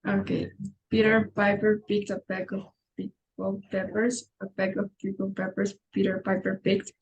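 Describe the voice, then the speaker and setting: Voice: medium pitch, monotone, normal speed, vocal fry, slightly rough. A student in an online class, steadily and carefully reciting a tongue twister. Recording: dull lo-fi call audio.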